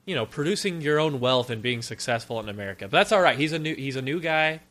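A man co-hosting a podcast, giving a casual, sarcastic and animated review of a film. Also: mid-range voice. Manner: animated, sarcastic, quick with jokes.

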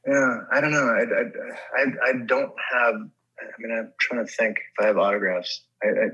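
A middle-aged man telling stories in a relaxed chat, his voice bright and forceful with a medium pitch. He swears freely and slips into the voices of the people he is quoting. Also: moderate pace, muffled recording. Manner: swearing storyteller who acts out quoted people. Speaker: guest actor. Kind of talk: casual podcast chat.

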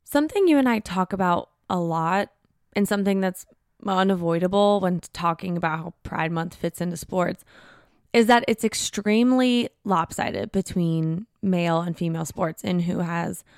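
A woman co-hosting a podcast in casual chat, chatty and quick with asides. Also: fairly low pitch, clear, resonant tone, no echo, clean studio sound. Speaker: podcast co-host.

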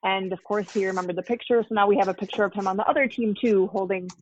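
A woman's voice: mid-range voice, steady tone, quick pace, lo-fi sound. Chatty mother telling a fan story. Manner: chatty, many fillers and restarts. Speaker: guest, mother of a young fan. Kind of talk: casual interview storytelling.

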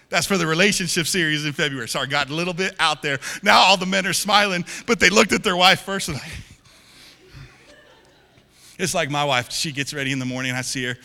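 A man preaching as a pastor, joking with the congregation and swinging between loud emphatic lines and hushed, whispered ones. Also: a little high, vocal fry, in a large hall. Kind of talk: sermon. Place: church auditorium.

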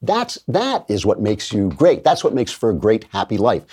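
Guy doing a political rant on his show, voice swings up and down a lot, kinda dark mellow tone. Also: fairly low pitch, moderate pace, husky. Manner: emphatic, animated, with mocking put-on voices. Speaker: commentary show host. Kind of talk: political commentary monologue.

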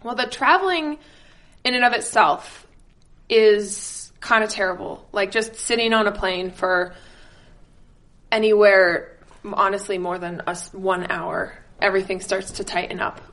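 A woman's voice: medium pitch, unhurried, a bit bright. A woman in her twenties chatting as a guest, laughing often and restarting her sentences. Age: 20s. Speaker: guest, pro skier. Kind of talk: casual chat.

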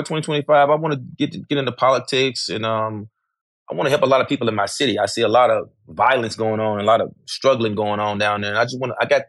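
A man's voice: medium pitch, fairly bright tone, no echo, clean studio sound. Emphatic middle-aged man. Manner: emphatic, repetitive, sprinkles "man", swears freely. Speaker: interview guest, rapper. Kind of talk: candid conversational interview.

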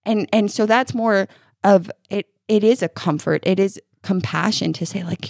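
A woman's voice: medium pitch, normal speed, vocal fry, no room sound. Woman telling parenting stories, dry sound. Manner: animated storyteller, acts out soothing lines, laughs often. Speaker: podcast co-host. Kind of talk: casual parenting chat.

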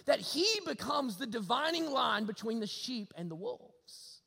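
High-voiced preacher in a reverberant hall. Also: male voice, animated, measured pace, creaky, few pauses, slightly rough. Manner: storytelling, swings between loud emphasis and low hushed lines. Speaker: pastor. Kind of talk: sermon.

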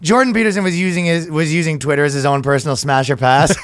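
A man's voice: on the high side, steady tone, quick pace, a little hiss or hum. A man co-hosting a comedy podcast, joking and riffing in casual banter, often trailing off mid-sentence. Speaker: podcast co-host.

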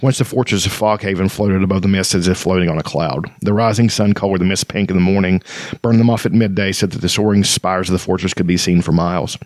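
A man reading the lines of a mysterious female elf guide from a fantasy novel, in his own low voice. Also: fairly even intonation, fast, darkish tone, no room sound, natural voice. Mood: wistful. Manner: read plainly from a novel.

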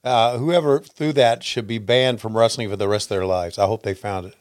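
A man co-hosting a podcast who answers in short, dry, deadpan remarks. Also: lowish voice, a little fast, no echo. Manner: dry, brief replies. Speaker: podcast co-host. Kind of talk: casual chat.

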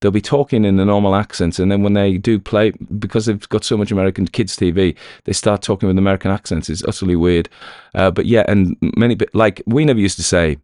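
A man's voice: lowish voice, fairly even intonation, fast talker, a little mellow, no echo, clean studio sound. A British man who hosts a story podcast, chatting casually after a reading, rambling with wry asides. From Britain.

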